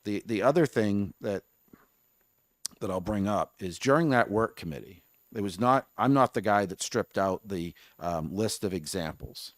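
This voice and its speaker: A man testifying as a bill sponsor before a legislative committee, earnest and halting as he works through his points. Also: lowish voice, lively intonation, no room sound. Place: state house committee room.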